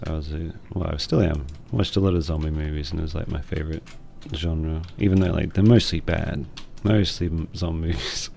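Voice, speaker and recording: A young man streaming, rambling and joking at himself, with a quiet, mumbling voice. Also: low voice, creaky. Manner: rambling, self-deprecating, laughs often. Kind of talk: casual chat reading chat. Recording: faint music behind.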